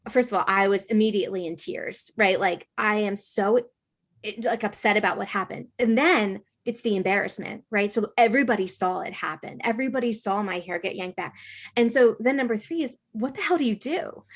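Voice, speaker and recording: A middle-aged woman, a podcast guest, telling a school story in a casual, animated way, with lots of filler words. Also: mid-range voice.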